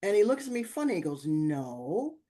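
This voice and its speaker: Lively older woman telling stories. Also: normal speed. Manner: animated, acts out dialogue with big pitch jumps, laughs often. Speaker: podcast guest, author. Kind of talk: storytelling in casual chat.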